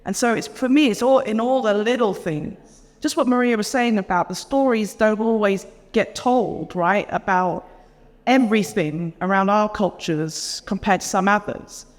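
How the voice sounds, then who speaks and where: A woman's voice: mid-range voice, moderate pace. A woman speaking on a conference panel, reflective and thinking aloud. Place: conference hall. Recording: long hall reverb.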